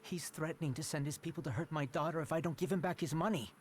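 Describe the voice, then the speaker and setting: An actor playing a worried, loyal gang underling in a video game, earnest in tone. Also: male voice, fairly high pitch, fast talker, a little hiss or hum, natural voice.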